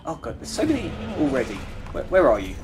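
A man's voice: mid-range voice, wildly swooping pitch, fast, background noise. Chatty man streaming a game. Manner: chatty, rambling, giggly, lots of restarts. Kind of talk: casual gameplay chat.

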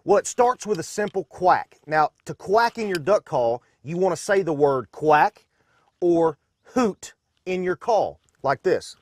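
A man's voice: high-pitched, animated, measured pace, a little mellow, no room sound. A man from Arkansas, demonstrating duck calls in a folksy, instructional way from a duck blind.

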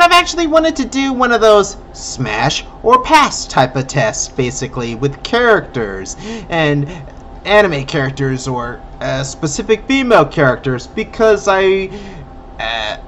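Man, slow, hesitant reactor, huge pitch swings, lots of "uh"s. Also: fairly bright tone, a little hiss or hum. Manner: hesitant, many "uh"s, chuckles often. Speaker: reaction video host. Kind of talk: casual reaction commentary.

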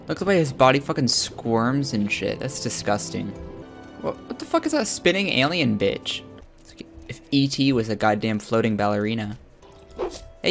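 A man giving crude, joking commentary while playing a video game, with loud excited outbursts. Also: mid-range voice. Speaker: gamer streaming his own play. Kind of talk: profane let's-play commentary.

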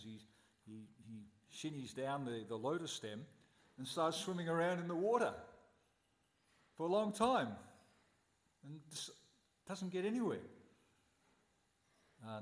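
A man's voice: mid-range voice, echoey room, in a large hall. A man giving a scripture class at a temple, telling stories animatedly and posing rhetorical questions. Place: temple hall.

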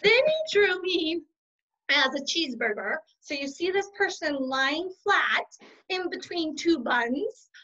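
A middle-aged woman kindergarten teacher giving casual interview answers, animated and acting out the quotes in her stories. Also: extremely high pitch, takes it slowly. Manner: warm, animated storyteller who acts out quotes. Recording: dull lo-fi sound.

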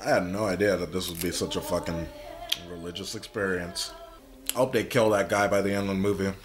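A man giving a casual, profane reaction commentary while watching a movie, blurting out excited remarks. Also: deep voice, a little fast, soft background music. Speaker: reaction video host.

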